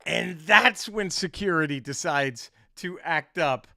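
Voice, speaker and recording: A male comedian and podcast host telling an animated, profane story in casual chat. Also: on the high side, takes it slowly, creaky, no room sound, clean studio sound.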